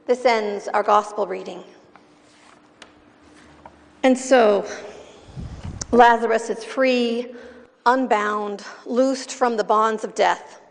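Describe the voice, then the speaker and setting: Gravelly woman preaching in a hall. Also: on the high side, steady tone, slow pace, long pauses. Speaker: pastor. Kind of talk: scripture reading and sermon. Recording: long reverb in a large hall.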